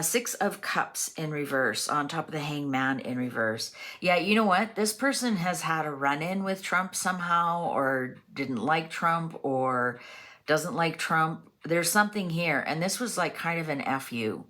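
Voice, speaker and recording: A woman with a notably low voice reads tarot cards aloud in a loose, chatty way. She muses as she goes and leans on fillers between the card names. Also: pushed and bright. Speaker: tarot reader. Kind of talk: casual tarot reading monologue.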